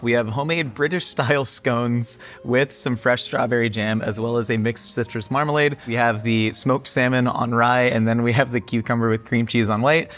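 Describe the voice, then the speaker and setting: A man's voice: medium pitch, a bit bright. A man hosting a casual chat over afternoon tea, playful and laughing often. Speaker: host.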